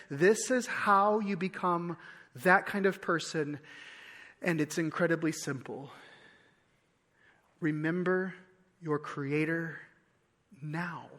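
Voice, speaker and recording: A man preaching a sermon as pastor, conversational with repeated phrases and restarts, dropping soft on key lines. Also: very high-pitched. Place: church sanctuary. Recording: long hall reverb.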